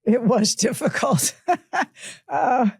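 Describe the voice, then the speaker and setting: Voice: high voice, slow pace, creaky, slightly rough, no echo, studio quality. An interviewer and former coach, reminiscing casually and asking about a guest's career, often laughing.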